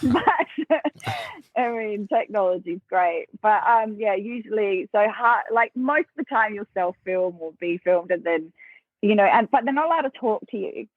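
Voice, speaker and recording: Australian woman guest, animated storyteller, thin phone-line audio. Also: mid-range voice, normal speed, no room sound. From South Australia. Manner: lively storyteller, acts out quoted voices, laughs often. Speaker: podcast guest. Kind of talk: casual interview storytelling. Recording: thin phone-like dry sound.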